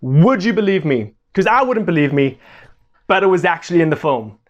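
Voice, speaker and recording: A young man talking through a casual film review, animated and excitable, laughing often. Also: a little high, normal speed, highs cut off, slight background noise.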